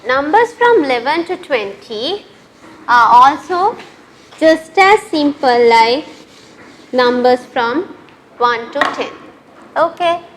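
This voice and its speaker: A woman teaching a lesson to pupils, speaking slowly and repeating each word for them to copy. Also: sits high, animated, slight background noise. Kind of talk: classroom lesson.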